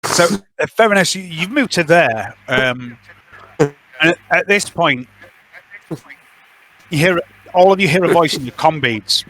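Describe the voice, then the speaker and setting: His voice is on the high side, expressive and fairly bright, with slight background noise. As game master of a tabletop role-playing game, he narrates casually, teases his players, and laughs easily.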